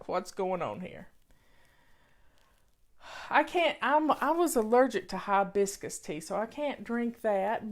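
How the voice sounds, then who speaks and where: Slow, earnest woman chatting over tea. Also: a little high. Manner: earnest, repeats points for emphasis. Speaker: vlogger. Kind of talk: casual talk to camera.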